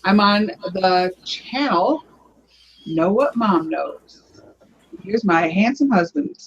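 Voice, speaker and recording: A woman's voice: medium pitch, expressive, takes it slowly. A woman on a panel introducing herself in a friendly, cheerful way. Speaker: panel member. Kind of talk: casual panel chat. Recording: dull line with faint noise.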